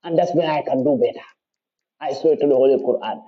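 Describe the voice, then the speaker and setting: A man's voice: medium pitch, fairly quick, lo-fi sound. A Gambian man speaking English in an impassioned, defiant monologue to his followers. He repeats his points and swears oaths for emphasis.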